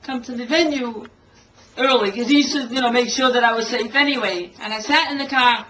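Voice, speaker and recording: An older woman, a singer, telling a story from her early career in an interview. She is a lively storyteller who acts out what people said and laughs often. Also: a little high, brisk, poor audio. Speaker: singer and Elvis tribute artist.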